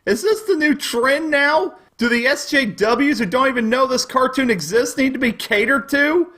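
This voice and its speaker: A man voicing a hotheaded young southern cartoon critic with a high, boyish-sounding voice who overreacts at everything. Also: normal speed, sharp tone, full character voice. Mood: outraged ranting. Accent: Southern US, put on. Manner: overreacting, shrill ranting. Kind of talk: comedic web review sketch.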